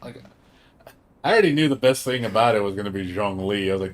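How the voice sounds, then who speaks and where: A man's voice: lowish voice, quick pace, slight background noise. A young man chatting casually on a game livestream, rambling with lots of fillers, emphatic and swearing now and then. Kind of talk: casual gaming stream chat.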